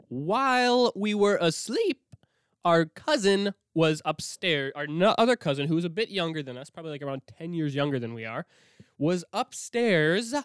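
Animated young man telling stories, dry sound. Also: on the high side, smooth, no echo. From Minnesota. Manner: animated, swearing, acts out whispered quotes. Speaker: host. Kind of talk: casual storytelling.

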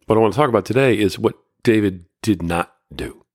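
A man with a deep, low voice talks loosely and conversationally, filling pauses with lots of fillers as he retells an old story. The sound is dry and close, with no room echo. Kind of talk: casual talk retelling a Bible story.

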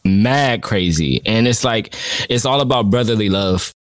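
A young man with a low voice co-hosts a casual podcast in a dry-sounding room. He talks in slangy, repetitive bursts and stammers now and then. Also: expressive, a little slow, no room sound, soft background music. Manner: slangy, repeats himself, stammers. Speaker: podcast co-host. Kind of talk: casual chat. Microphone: held too far from mouth.

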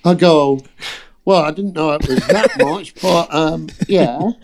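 Animated gravelly man telling stories. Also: fairly high pitch, takes it slowly. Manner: animated storyteller acting out quotes, swearing freely. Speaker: actor telling an audition story. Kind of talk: casual anecdote on a podcast.

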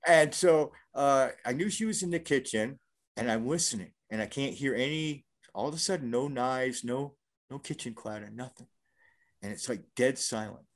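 A man's voice: mid-range voice, normal speed. A middle-aged man telling a story in a casual interview, rambling and profane with many restarts.

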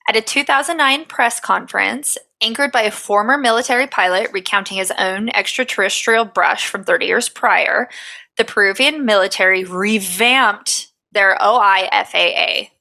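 Woman, podcast co-host, bright voice, casual and profane, reads notes with jokey asides. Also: medium pitch, normal speed, vocal fry, poor audio. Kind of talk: casual podcast chat, reading research notes.

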